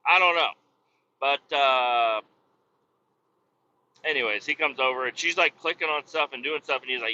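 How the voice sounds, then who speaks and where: A man hosting a podcast, telling a profane comedic story in an animated rant with loud exasperated outbursts. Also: medium pitch, normal speed, long pauses, dull audio, a little hiss or hum. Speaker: podcast host.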